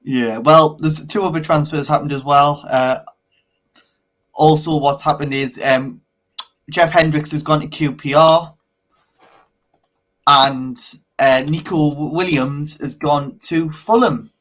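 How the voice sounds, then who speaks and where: A man's voice: a little high, steady tone, takes it slowly, a bit bright. A man co-hosting a casual football talk show, teasing his co-host with an easygoing manner and frequent laughs. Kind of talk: casual chat.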